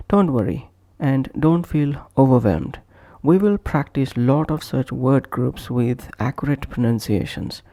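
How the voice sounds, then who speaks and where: Slow deliberate guy teaching pronunciation, dark gravelly voice, repeats every example. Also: mid-range voice, no room sound, clean studio sound. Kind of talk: slow scripted pronunciation lesson.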